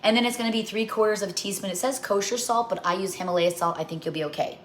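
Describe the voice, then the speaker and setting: A woman's voice: mid-range voice, fast talker, a little hiss or hum. A middle-aged woman hosting a home cooking livestream, rambling through stories while she talks viewers through a recipe.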